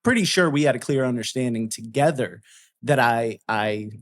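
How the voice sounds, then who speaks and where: A man's voice: mid-range voice, moderate pace. A man telling a story in casual chat, swearing freely and acting out both sides of a heated argument.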